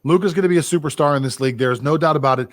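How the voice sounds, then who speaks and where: A man's voice: on the high side, rapid-fire, fairly bright tone, no echo. Blunt, opinionated man, dry close voice. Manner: blunt, opinionated, jumps between thoughts. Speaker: sports podcast co-host. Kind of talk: casual sports chat.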